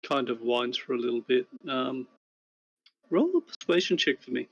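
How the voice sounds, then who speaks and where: A man game-mastering a tabletop session, describing scenes in a measured, descriptive way. His voice has a gravelly edge. The recording sounds dull and lo-fi. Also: medium pitch.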